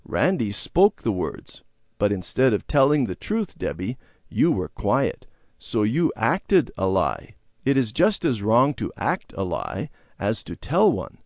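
A man voicing a mother in a children's storybook, raising his pitch and speaking firmly. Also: huge pitch swings, a little slow, darkish tone, no echo, clean studio sound, exaggerated voice. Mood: sad. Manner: firm, chiding. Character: mother, firm and scolding.

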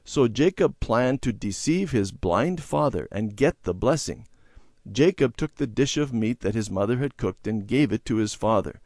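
A man narrating a children's moral story in an expressive, sing-song reading style. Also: mid-range voice, moderate pace, no room sound, clean studio sound. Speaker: story reader.

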